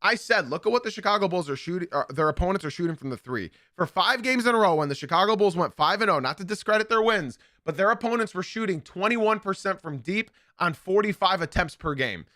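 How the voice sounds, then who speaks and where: Male podcast host, high lively voice, emphatic, opinionated, young adult. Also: quick pace, hardly any pauses, no echo, clean studio sound. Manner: emphatic, opinionated, repeats points for stress. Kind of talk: live sports podcast commentary.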